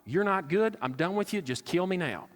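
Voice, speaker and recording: A man's voice: sits high, lively intonation, moderate pace, big-room sound, voice pushed up. A preacher, a man, voicing a sulking, self-pitying prophet with a petulant, whiny manner.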